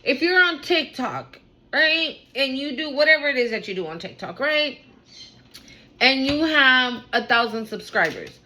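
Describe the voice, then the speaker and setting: Speaking fast and excitedly, a high-voiced woman gives her viewers a casual spiritual reading full of slang and offhand swearing. The audio quality is poor.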